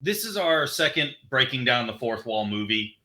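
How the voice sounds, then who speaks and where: A man co-hosting a movie podcast in joking, animated casual chat. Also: mid-range voice, moderate pace. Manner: jokey, animated, laughs at his own bits. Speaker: podcast co-host.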